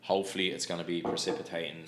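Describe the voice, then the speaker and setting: Deep-voiced male podcast host, joking. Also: flat delivery, rapid-fire, crowd noise. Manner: joking, swears freely. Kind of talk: casual chat.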